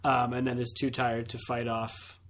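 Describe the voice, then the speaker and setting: A man's voice: mid-range voice, completely flat delivery, moderate pace, a bit bright. A man co-hosting a casual movie podcast, talking in a rambling way with many fillers and frequent laughter. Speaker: podcast co-host.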